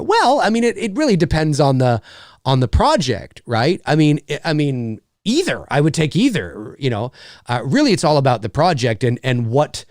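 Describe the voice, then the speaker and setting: With a fairly high pitch and big pitch swings, a man speaks at a moderate pace with no echo. Hosting a casual livestream from his home studio, he reads viewer comments on a studio mic, rambling and joking with plenty of fillers.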